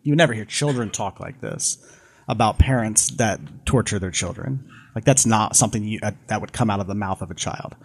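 A man's voice: on the low side, brisk. A man co-hosting a live podcast, telling a long story with many restarts and asides. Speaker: podcast co-host.

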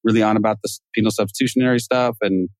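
A man's voice: lowish voice, fairly even intonation, racing, a little mellow, dry recording. A man hosting a podcast in a casual, joking conversational way, laughing often. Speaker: podcast host.

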